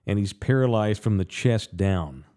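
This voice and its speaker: A man hosting a podcast, telling a story in a casual, profane and animated way. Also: fairly low pitch, normal speed, clear, resonant tone. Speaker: podcast host.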